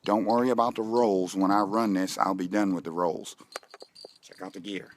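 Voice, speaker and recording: Goofy man pitching a kids' fun run. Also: fairly even intonation, normal speed, a little hiss or hum. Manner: goofy, playful, talks straight to children. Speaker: school staff member promoting a fun run. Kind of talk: joking promotional video for kids. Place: outdoors on school grounds, chilly.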